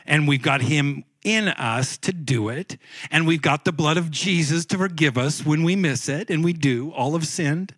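A man's voice: on the high side, normal speed, fairly bright tone, no room sound. Male pastor preaching in dry sound. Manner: conversational preaching with frequent repeated words and restarts. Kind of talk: sermon. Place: church sanctuary.

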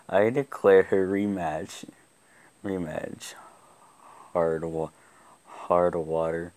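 A young man giving live gameplay commentary, excitable, often laughing and yelling at the game. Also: sits low, extremely slow, long pauses. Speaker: gaming YouTuber.

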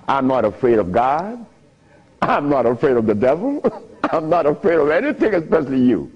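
Older man, husky voice, lively pitch, storytelling talk, muffled old recording. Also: moderate pace. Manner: laughing often, swinging pitch up and down. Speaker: speaker giving a talk. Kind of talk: animated storytelling lecture.

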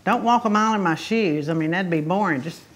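A woman's voice: on the low side, fast, background noise. A woman, a comic regular trading wisecracks in sassy banter. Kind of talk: comedic banter.

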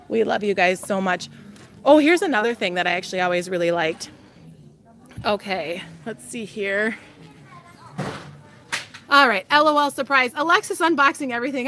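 A woman in her thirties does a casual live-stream chat as she wanders a large store, bubbly, laughing frequently, and a touch out of breath. Her voice runs on the high side with a slightly bright quality.

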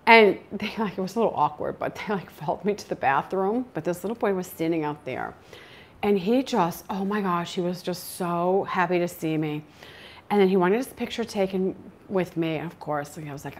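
A woman hosting a homestead channel, telling stories in casual chat with lively, frequent laughter. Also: on the low side, moderate pace. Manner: chatty, animated storytelling with frequent laughs.

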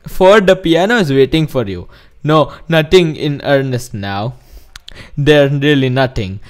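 A man doing a put-on Indian accent, reading game notes aloud as a stiff, formal narrator. He stumbles and restarts as he reads, his pitch sitting in an ordinary middle range. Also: lively intonation, measured pace, lightly acted. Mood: mock formal.

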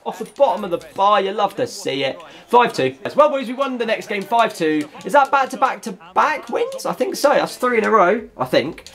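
A young man commentates his own football video game as it happens, his fairly high voice leaping wildly up and down. He jokes with his viewers and breaks into sudden shouts when a goal goes in. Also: moderate pace. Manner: excitable, jokey, bursts into shouts. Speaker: gaming YouTuber. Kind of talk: live gameplay commentary.

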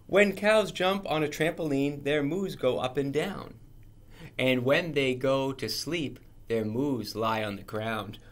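A man reading a children's picture book aloud in a playful, animated way. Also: mid-range voice, slow pace. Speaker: storybook reader.

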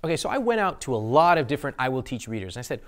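A man hosting an instructional talk to camera in a studio, speaking expressively and deliberately slowing his delivery to make points. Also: mid-range voice, big pitch swings. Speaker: host.

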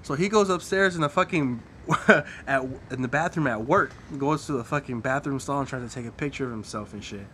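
A man's voice: medium pitch, fairly quick, hardly any pauses, bright, forceful tone, a little hiss or hum. A man telling a crude story in casual podcast chat, cursing and laughing often.

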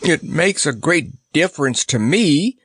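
A man voicing a timid, gruff male lion who speaks in a mournful, rumbling way. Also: lively intonation, unhurried, fairly bright tone, no room sound, studio quality, heavily acted. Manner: mournful, yearning.

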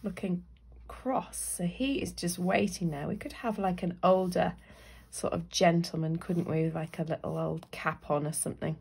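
A woman with a Northern English accent talks through a drawing lesson, thinking aloud as she sketches. Her voice has a gravelly edge and a husky grain. She sounds chatty and unhurried. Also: fairly low pitch, fairly even intonation, a little mellow. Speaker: illustrator teaching drawing. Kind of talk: live drawing tutorial.

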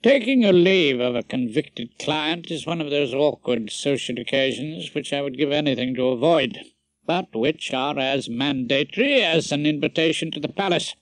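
A man reading a first-person audiobook narration in a wry, dry, expressive manner. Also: a little high, normal speed, dry recording, low-quality recording.

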